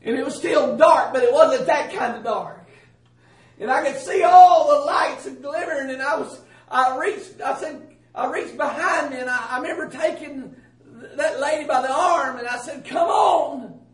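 A man's voice: extremely high pitch, normal speed. A man giving an emotional testimony about a dream, crying out dramatically and repeating himself. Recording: echoey room, mic at a distance.

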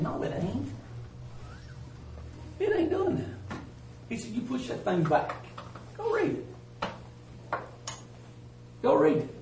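Man preaching, folksy and emphatic, higher voice, echoey church, mic at a distance. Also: creaky, a little hiss or hum. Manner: folksy, emphatic, swings from loud to hushed. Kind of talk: sermon. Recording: roomy church sound from a distance.

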